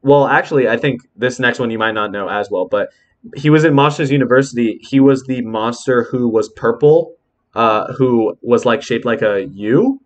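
A man's voice: mid-range voice, moderate pace. A man hosting a casual podcast chat, rambling with lots of fillers and restarts. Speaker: podcast host.

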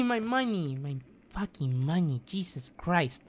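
A woman's voice: lowish voice, animated, measured pace, darkish tone. Woman streamer ranting through a game. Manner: exasperated, swearing, repeating words in bursts. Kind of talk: live gameplay commentary.

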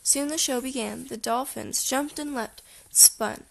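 Soft-spoken woman reading a children's story. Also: high voice, unhurried, gravelly. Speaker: audiobook reader. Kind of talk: children's story read aloud.

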